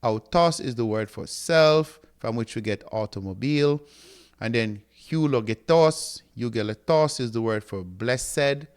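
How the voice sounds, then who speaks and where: Man teaching a lesson, unhurried delivery, middle-pitched voice, sounds out each word, keeps asking "right?". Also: smooth. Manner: repeats words and checks in with "right?"; sounds out words slowly. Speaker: Greek teacher. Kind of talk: classroom lecture.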